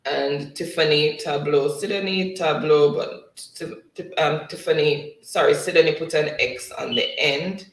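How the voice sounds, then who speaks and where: Running a live-stream spelling quiz, a man reads out viewers' comments and laughs frequently in a relaxed, talkative style. His voice is on the high side, unhurried with few pauses, and the audio has an echoey room and distant mic.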